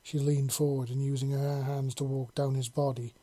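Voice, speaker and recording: A man narrating a fantasy story in a measured, unhurried way. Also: medium pitch, level tone, dark tone.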